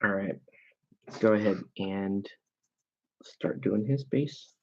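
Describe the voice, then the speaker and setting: A man chatting casually and rambling with amusement as he paints miniatures at his hobby desk. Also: lowish voice. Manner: slow, rambling, self-amused. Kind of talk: casual chat while painting. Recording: dull lo-fi sound.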